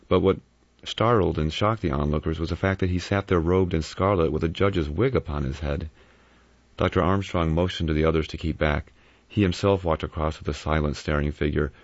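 A man narrating an audiobook in a steady, grave reading. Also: very deep voice, brisk, no room sound. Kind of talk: scripted narration. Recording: dry, muffled recording.

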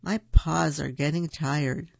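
A storyteller voicing a polite, earnest young male bear who loves marmalade, soft and a little gravelly, in a dull, dry recording. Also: medium pitch, fairly even intonation, slow pace, dry recording.

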